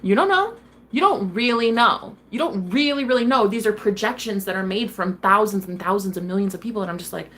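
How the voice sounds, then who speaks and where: A woman chats casually on her tarot live stream, rambling, indignant and quick to swear. Her voice sits in an ordinary middle pitch, and she leans hard on "like" as she works through her thoughts. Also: lively intonation, a bit bright. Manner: rambling, heated and profane, heavy on "like".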